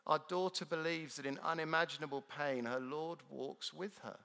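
A man preaching a sermon in a church, earnest and emphatic, swinging between loud declarations and hushed moments. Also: fairly high pitch, steady tone, normal speed, vocal fry. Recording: long reverb of a large hall.

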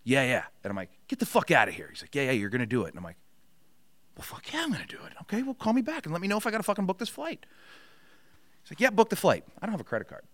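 A man's voice: fairly high pitch, rapid-fire, no echo. A middle-aged man telling a long story in a casual chat, swearing freely and acting out what others said. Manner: profane, animated storyteller acting out quotes. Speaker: podcast guest.

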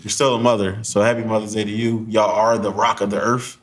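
A man's voice: fairly low pitch, a little fast. A young man co-hosting a podcast in casual chat, telling stories with laughter and acted-out quotes. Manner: animated storytelling, laughing, acts out quotes. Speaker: podcast co-host.

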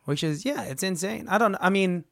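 A hoarse young man co-hosting a podcast, telling animated stories and mimicking other people in casual chat. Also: high voice, a little fast, dry recording, clean studio sound. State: hoarse voice from allergies. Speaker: podcast co-host.

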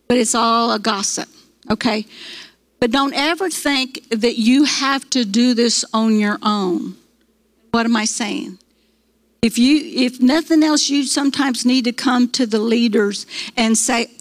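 A woman's voice: on the high side, unhurried, no room sound, rough recording. A middle-aged woman, teaching a church prayer class in a folksy storytelling way, full of fillers and restarts.

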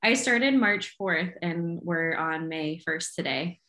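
A woman co-hosting a podcast over a video call, chatting casually and giggling between earnest stretches. Her voice is bright and sharp-edged, and her recording carries a noticeably roomy echo. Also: fairly low pitch, takes it slowly. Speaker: podcast co-host. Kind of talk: casual chat. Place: home in Los Angeles, remote call.

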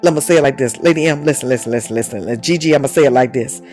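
A woman preaches with fervent, repeating urgency and speech, calling out again and again as her pitch climbs and falls. Faint music plays under her voice. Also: racing, a little mellow. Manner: fervent, repeats "listen" and "my God", speaks in tongues. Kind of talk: charismatic sermon.

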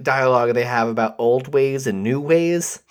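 Guy cohosting a podcast, mid-pitched, laid back, dry little jokes while he recaps. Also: moderate pace. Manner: relaxed, recaps plot with wry asides. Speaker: podcast co-host. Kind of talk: casual chat.

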